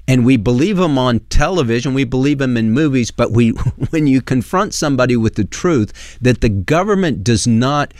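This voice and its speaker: A man's voice: medium pitch, expressive, moderate pace, few pauses, darkish tone, no echo, clean studio sound. A man hosting a call-in radio show, speaking earnestly and plainly and taking callers.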